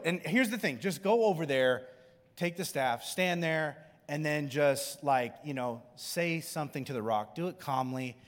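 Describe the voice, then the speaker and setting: A man's voice: medium pitch, close to an everyday voice. A man voicing a casual, offhand male God who rambles through instructions. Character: casual, chatty male God, laid-back. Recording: long hall reverb.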